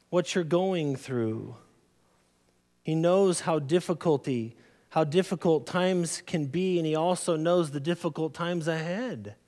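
A man preaching a sermon as pastor, earnest and deliberate, often calling his listeners beloved, in a large church sanctuary. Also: fairly high pitch, darkish tone, big-room sound. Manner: slow, earnest preaching with drawn-out emphasis.

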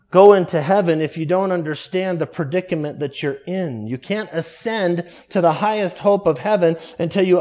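A male preacher with a notably high voice delivers an earnest sermon. He sinks low and soft to press a point, then stretches quoted prayers out slowly and deliberately.

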